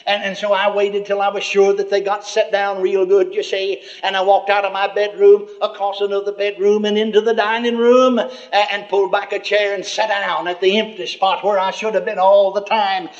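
A man's voice: high-pitched, flat delivery, moderate pace, hardly any pauses. An older man telling a testimony in a sermon, in a folksy storytelling way full of chuckling asides, on a muffled lo-fi recording. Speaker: preacher. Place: church gathering before a congregation.

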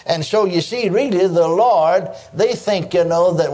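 A man's voice: sits high, measured pace, few pauses, darkish tone. A man preaching a sermon, emphatic, breaking in with cries of praise and calling on listeners to answer him. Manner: calls for audience response.

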